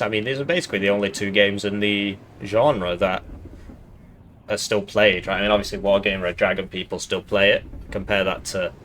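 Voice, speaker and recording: A man's voice: fairly low pitch, fairly bright tone, a little hiss or hum. A man casually commenting on a strategy game match, thinking aloud and drifting into side tangents.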